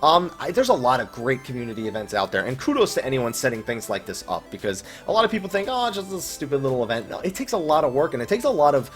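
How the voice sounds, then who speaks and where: A male gaming host answers viewer questions in a relaxed, offhand way, blunt and quick to curse. His pitch sits in an ordinary middle register but swings around a lot as he talks. Soft music plays quietly underneath. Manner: casual, blunt, swears freely. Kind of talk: casual Q&A commentary about online games.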